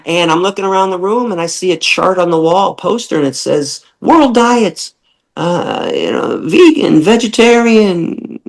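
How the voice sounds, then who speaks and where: A middle-aged man telling a long story as a podcast guest, animated, often repeating words and acting out the people he quotes. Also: high-pitched, measured pace, creaky, poor audio.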